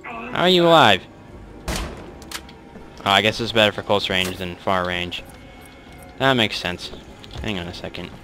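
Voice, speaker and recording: Young guy yelling over his own gameplay, bright sharp voice, faint music behind. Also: lowish voice, unhurried, long pauses. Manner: excitable, swears, mutters asides. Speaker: gameplay commentator. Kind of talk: let's play commentary.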